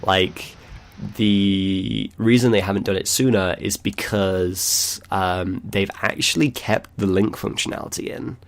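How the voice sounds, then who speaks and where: A man's voice: deep voice, steady tone, measured pace, vocal fry. A man hosting a casual gaming discussion, rambling loosely with lots of fillers and small chuckles. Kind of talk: casual chat.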